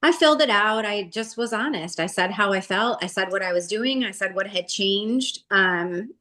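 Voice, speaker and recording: A woman in her forties talks through her story as an interview guest, casual and animated. She acts out what people said, and her voice climbs when she does. Her pitch sits in the middle for a woman. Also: normal speed. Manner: animated, acts out quotes with a rising voice.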